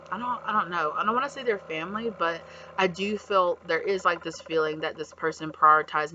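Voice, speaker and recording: A man's voice: fairly high pitch, pushed and bright, a little hiss or hum. A man giving a casual tarot reading, rambling with lots of fillers and acting out quotes. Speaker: tarot reader. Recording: slightly dull lo-fi audio, faint background ambience.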